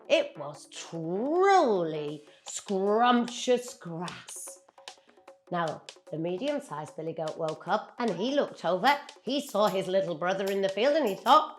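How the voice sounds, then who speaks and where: A young British woman tells a children's story very slowly, her voice bouncing up and down with playful energy. Faint music plays underneath. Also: mid-range voice. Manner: animated and playful, drawing words out.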